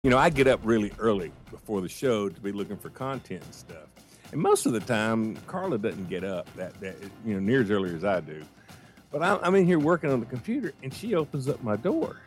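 A man's voice: on the low side, sing-song, a little fast, soft background music. A man co-hosting a morning radio show, telling a story and acting out both sides of the conversation. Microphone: studio microphone.

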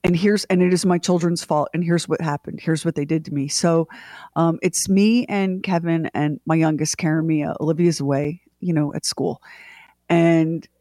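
Her voice is deep and clean, captured dry in a studio at a normal pace. She's a middle-aged morning radio co-host animatedly retelling a family tale, full of restarts and performed quotes, in a casual on-air way.

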